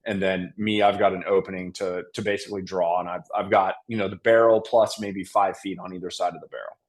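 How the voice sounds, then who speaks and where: A man with a fairly low voice spins a hunting yarn as a podcast guest. His delivery is casual and animated, and he often restarts his sentences and leans on fillers as he talks. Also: brisk. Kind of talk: casual storytelling interview.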